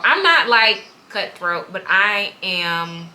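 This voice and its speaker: A woman, a singer and co-host, chatting casually in an expressive, reflective way. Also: medium pitch, moderate pace. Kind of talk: casual chat.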